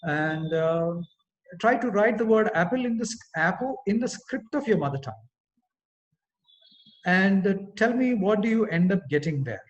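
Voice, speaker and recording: Indian-accented man, Telugu first language, webinar speaker, higher voice, halting, muffled call audio. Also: animated. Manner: explanatory, with frequent fillers and self-corrections. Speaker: guest speaker. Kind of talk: online webinar talk. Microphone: home internet call mic.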